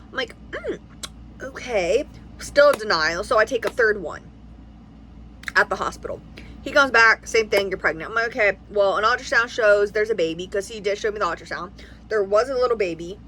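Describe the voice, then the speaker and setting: A young American woman vlogging in a casual storytime, rambling and animated as she acts out what everyone said. Her voice is bright and forceful, with a faint hum of noise behind her. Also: mid-range voice, poor audio. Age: 20s. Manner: rambling, animated retelling with quoted dialogue. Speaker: family vlogger.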